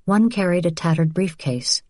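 A woman reading an audiobook in a calm, even narrating voice. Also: lowish voice, normal speed, dry recording, studio quality.

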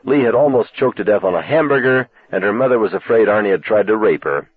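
A man's voice: fairly low pitch, lively intonation, fast, slightly rough, dry recording. A man narrating an audiobook expressively. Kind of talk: scripted narration. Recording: tinny, dry lo-fi cassette audiobook.

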